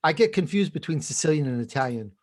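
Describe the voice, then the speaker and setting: A man's voice: a little high, animated, fast, darkish tone. A man with a New York accent, chatting and joking as a podcast guest. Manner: chatty and jokey. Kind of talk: casual interview chat.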